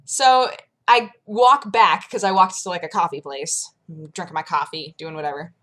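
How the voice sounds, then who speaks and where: A woman's voice: fairly low pitch, fairly even intonation, moderate pace, a bit bright. A young woman vlogger chatting casually and telling a story, acting out her own reactions as she goes. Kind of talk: casual chat.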